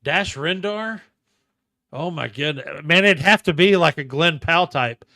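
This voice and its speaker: Male co-host, bright smooth voice, dry close sound, eager casual talk. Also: a little high, unhurried, no echo. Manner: enthusiastic, animated. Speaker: podcast co-host. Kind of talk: casual chat.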